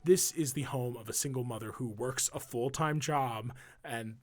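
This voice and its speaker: A man's voice: medium pitch, moderate pace. A man running a tabletop game, describing scenes casually with many fillers. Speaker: game master.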